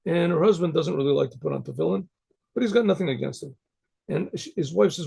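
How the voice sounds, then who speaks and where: A man's voice: on the high side, quick pace, mellow. A man, a rabbi, telling a story in a rambling, conversational way with frequent restarts. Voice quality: gravelly, husky voice. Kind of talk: storytelling talk.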